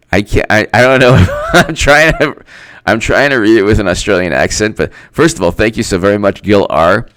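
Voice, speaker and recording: A man's voice: fairly low pitch, lively intonation, normal speed, fairly bright tone, clean tone, no room sound. A man giving casual political commentary in a sarcastic, mocking way, laughing often.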